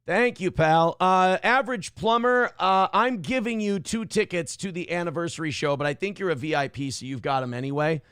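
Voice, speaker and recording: A man's voice: sits high, fairly quick, hardly any pauses, fairly bright tone, clear, resonant tone, no echo, clean studio sound. A man hosting a live-stream talk show, speaking in a sarcastic, rambling way with many fillers while he reads out viewer chat.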